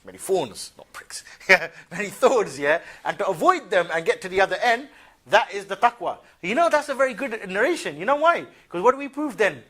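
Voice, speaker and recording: A man's voice: high-pitched, big pitch swings, fairly quick, sharp tone. A man giving a religious lecture in a conversational, colloquial way, often checking in with "yeah?" and breaking into mocking asides with short laughs.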